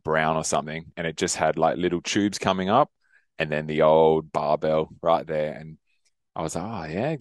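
Clean studio sound and a dry recording capture a deep-voiced young man co-hosting a podcast. In a casual chat, he rambles through stories, laughs often, and swears casually.

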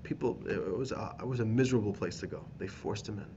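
A man, a rabbi teaching a class, telling a story with animated emphasis and repeated phrases. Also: on the low side, fast, creaky, muffled recording, background noise. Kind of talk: storytelling lesson.

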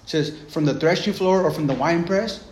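A man's voice: fairly high pitch, a little fast, a little mellow. Guy preaching off the cuff, keeps saying right?, lots of restarts, bit of room echo. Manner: conversational, frequent "right?" asides and restarts. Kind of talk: sermon.

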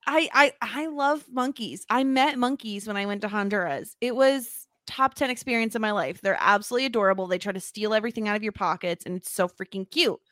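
Female co-host, bright higher voice, dry sound, rambling and animated. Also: a little fast, few pauses, no echo. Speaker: podcast co-host. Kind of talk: casual podcast discussion.

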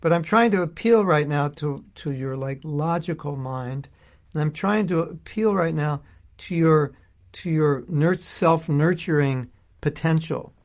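A man's voice: a little high, measured pace. A middle-aged man giving an informal spiritual talk, thinking aloud and searching for his words as he goes. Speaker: spiritual teacher.

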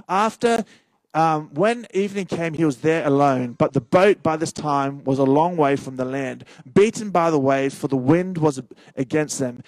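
A young adult man, a senior pastor preaching a sermon in an animated way, repeating key phrases and joking with the congregation. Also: a little high, no room sound, poor audio.

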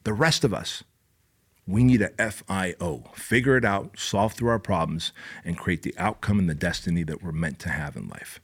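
A man's voice: deep voice, moderate pace, fairly bright tone, breathy edge. A middle-aged man hosting a podcast, telling a motivational story in a profane, intense, preachy way. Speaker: podcast host.

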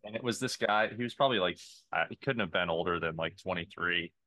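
Young male podcast co-host, animated storyteller who laughs mid-sentence; low-set, bright voice, dry sound. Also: fast talker, no echo, muffled recording. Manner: animated storyteller, laughs through his anecdotes. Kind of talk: casual chat.

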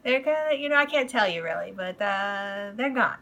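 A woman's voice: medium pitch, lively intonation, moderate pace, pushed and bright. A woman voicing a breezy, evasive male author who is secretly an operative, full of repeated filler phrases.

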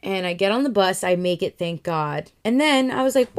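A woman's voice: medium pitch, fairly quick, clean tone. Young woman telling a profane story. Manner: profane, animated, acts out her own reactions. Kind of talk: casual storytime monologue.

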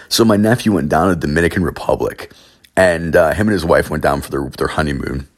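Here a podcast host with an extremely low-pitched voice talks fairly quickly. His storytelling is loose and casual, full of swearing, fillers and frequent use of "like."

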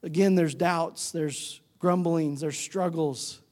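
A man's voice: fairly even intonation, slow pace, a little mellow. A man preaching a sermon as pastor, talking conversationally and putting questions to the congregation, acting out quoted voices. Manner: acts out quoted voices with shifting pitch. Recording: reverberant hall.

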